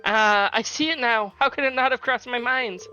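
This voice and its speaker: A man's voice: very high-pitched, normal speed, sharp tone, lo-fi sound, soft background music, pitched above the performer's own voice, heavily acted. A man voicing a playful, teasing fifteen-year-old princess, reading game dialogue aloud in a raised, girlish, polite voice.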